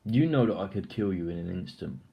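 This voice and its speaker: Excitable, rambling young man, fairly low voice. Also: a little fast, vocal fry. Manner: rambling and excitable, heavy swearing and filler "like". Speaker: film reviewer. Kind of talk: casual spoken film review.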